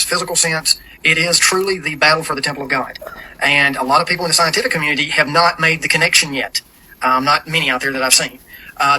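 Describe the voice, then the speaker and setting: A man's voice: a little high, bright, forceful tone, a little hiss or hum, rough recording. A man narrating his own video in an earnest tone, with many ums and uhs. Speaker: video creator.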